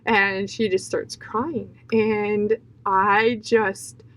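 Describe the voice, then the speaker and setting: A woman's voice: mid-range voice, little pitch movement, very slow, fairly bright tone, rough recording. A young woman telling an emotional personal testimony in an earnest, heartfelt way, full of fillers and restarts. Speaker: guest sharing her testimony.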